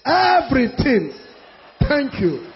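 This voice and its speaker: A male preacher with a Nigerian accent delivering a sermon emphatically, repeating phrases and breaking into shouts. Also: extremely high pitch, wildly swooping pitch, takes it slowly, some chatter behind, slight background noise. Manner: emphatic, repetitive, bursts of shouting. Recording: dull lo-fi sound.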